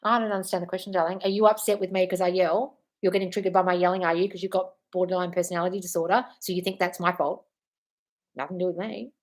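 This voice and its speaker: A woman manifestation coach answering viewer comments on a livestream, blunt and profane, breaking into loud scolding rants of tough love. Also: fairly low pitch, fairly even intonation, fast.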